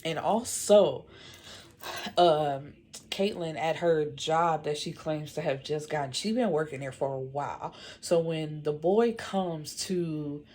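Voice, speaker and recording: A woman's voice: deep voice, slow, darkish tone. A woman casually recapping a movie plot, chatty and slangy, full of "you know" and "like", with opinionated, exasperated asides. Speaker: movie reviewer.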